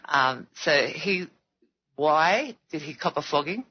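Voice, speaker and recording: A woman's voice: low voice, lively intonation, takes it slowly, breathy edge. A woman with an Australian accent, a guest on a radio talk show, chatting bluntly and giggling often. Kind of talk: casual chat. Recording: dull lo-fi radio audio.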